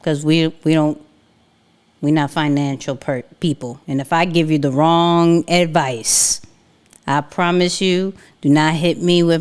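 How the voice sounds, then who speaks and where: A woman's voice: sits low, fairly even intonation, a little slow, darkish tone, clean tone. A woman co-hosting a casual live chat, answering viewer questions with rambling side notes. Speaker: co-host.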